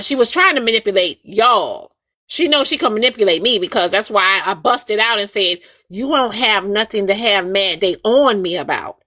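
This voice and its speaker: A woman's voice: a little high, no room sound, studio quality. A woman hosting a livestream, talking casually and emphatically to her viewers and repeating her points. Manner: animated, repetitive, emphatic addressing of viewers. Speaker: livestream host.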